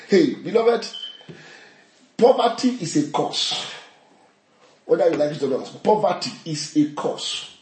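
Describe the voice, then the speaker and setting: A man leading a fervent prayer session in church, shouting repeated declarations and breaking into tongues. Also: high-pitched, expressive, unhurried, long pauses. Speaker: pastor. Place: church service. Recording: roomy echoey hall.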